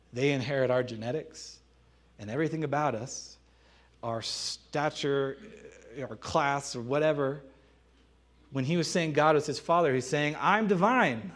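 A man preaching a sermon, emphatic and conversational, often asking rhetorical questions and laughing between points. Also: a little high.

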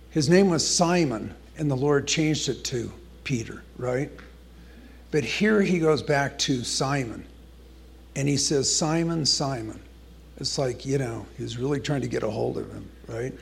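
A man's voice: medium pitch, creaky. A man preaching a conversational sermon, earnestly telling a scripture story and reading verses aloud with emphasis.

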